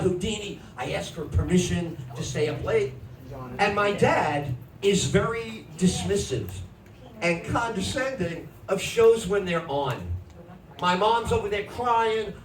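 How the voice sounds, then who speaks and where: A middle-aged man tells a stand-up story on a comedy club stage, acting out family voices and shouting the big moments. His pitch swoops widely. He is picked up from a distance in an echoey room with audible noise. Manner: animated, acts out family voices, shouts punchlines.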